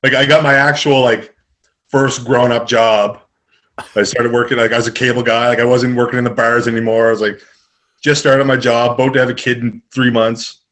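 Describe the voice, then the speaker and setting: A young man, a guest telling stories in a relaxed, rambling way and laughing along. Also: medium pitch, normal speed. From Canada. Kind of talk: casual storytelling.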